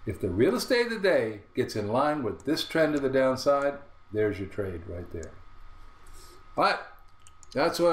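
Guy walking through charts, keeps asking "right?", roomy echo. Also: lowish voice. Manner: repetitive, asks rhetorical "right?" checks. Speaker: trading instructor. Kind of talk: chart-walkthrough lesson.

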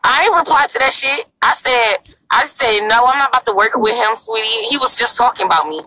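A woman's voice: fairly high pitch, animated, fairly quick, pushed and bright, a little hiss or hum, low-quality recording. A young woman livestreaming outdoors in a parking lot on her phone, talking in a brash, crude and pleading way. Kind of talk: casual live-stream chat.

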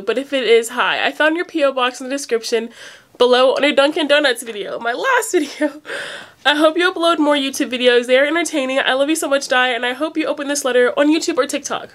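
High-voiced young woman, rambling and teary. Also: fairly bright tone. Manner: rambling, emotional, near tears, many "like" fillers. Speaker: vlogger opening fan mail. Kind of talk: casual unedited phone vlog. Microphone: phone.

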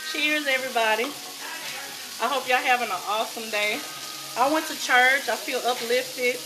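Excitable Southern woman cooking at home. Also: fairly high pitch, moderate pace, music in the background. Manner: excitable, chatty, greets viewers by name. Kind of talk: casual cooking chat to viewers. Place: home kitchen with food sizzling. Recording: noisy kitchen background.

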